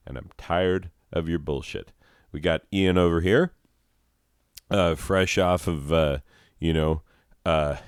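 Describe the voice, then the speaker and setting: Deep, slow, profane rambling man. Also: clean tone, no echo, clean studio sound. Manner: profane, rambling, mock-ranting. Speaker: podcast host. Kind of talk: rambling solo comedy monologue.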